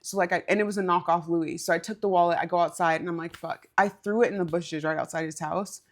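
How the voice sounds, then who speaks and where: A woman's voice: on the low side, steady tone, fast talker. A woman co-hosting a podcast, telling a story in a candid, casual way, swearing and laughing as she goes. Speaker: podcast co-host.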